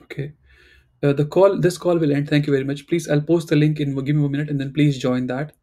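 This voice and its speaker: A man leads a beginner German lesson over a video call, with a dark and mellow voice. He is patient and coaxing, and he corrects each student's pronunciation word by word. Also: a little high, fairly even intonation, fast talker. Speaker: German teacher. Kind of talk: online language class.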